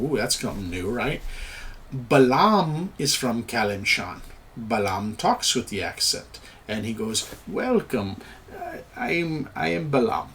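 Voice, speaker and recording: A man's voice: mid-range voice, fairly bright tone, slight background noise. A man talking casually as a game master, thinking aloud and trailing off while he searches for words. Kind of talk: casual tips talk over game maps.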